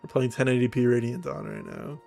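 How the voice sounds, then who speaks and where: A man's voice: mid-range voice, steady tone, brisk, gravelly, dark tone, faint music behind. A man streaming a video game, cracking jokes between dialogue lines. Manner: joking asides between read lines. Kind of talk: casual gameplay commentary.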